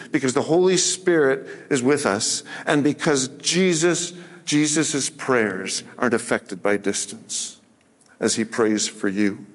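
A man preaching a sermon as pastor, earnest and plain-spoken, rising to emphatic force when he recites scripture. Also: fairly high pitch. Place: church sanctuary. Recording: sermon with long hall reverb.

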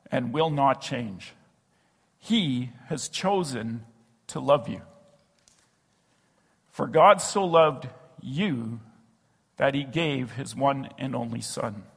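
A male pastor preaches a sermon earnestly, slowing and dropping his voice on key phrases. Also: medium pitch, gravelly, slightly rough, in a large hall. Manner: earnest, slows and drops to a hush on key phrases. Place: church sanctuary.

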